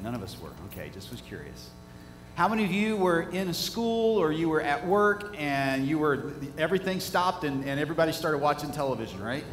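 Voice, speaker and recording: High-voiced preacher in an echoey church. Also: male voice. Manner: rhetorical questions to the congregation, swinging from quiet to loud. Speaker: pastor. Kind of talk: sermon. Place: church sanctuary. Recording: echoey church hall, faint hum.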